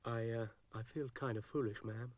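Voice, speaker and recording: A man's voice: mid-range voice, steady tone, normal speed, no echo, close to an everyday voice. A man voicing a sleepy, laid-back male cartoon rabbit who drawls in a spaced-out, hesitant way. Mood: weary.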